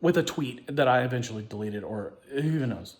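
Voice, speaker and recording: A man tells a personal story in a rambling, profane way. He keeps restarting and repeating himself, and his mid-pitched voice swings between low mutters and sudden loud outbursts. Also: animated, a little fast. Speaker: show host.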